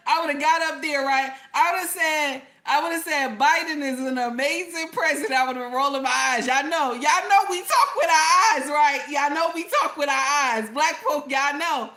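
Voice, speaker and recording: A woman with speech hosting a casual livestream, reading chat messages aloud and reacting with loud, laughing commentary. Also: high voice, moderate pace, few pauses. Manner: animated, laughing, talks back to chat.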